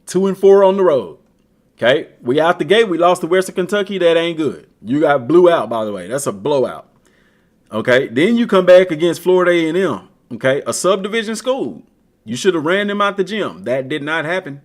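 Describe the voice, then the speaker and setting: Brisk and high-voiced, this man streams a video game with lively, slang-filled commentary aimed straight at his teammates.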